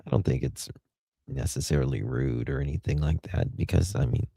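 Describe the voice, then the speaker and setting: Gravelly, deep-voiced man rambling. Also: brisk, warm tone, no echo. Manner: opinionated, rambling with many restarts. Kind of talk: casual chat.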